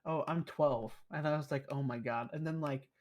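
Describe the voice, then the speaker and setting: A man's voice: on the high side, normal speed. Young guy on a podcast telling a rambling story, swears a lot. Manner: profane, rambling, animated storyteller. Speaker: podcast guest. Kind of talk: casual storytelling chat.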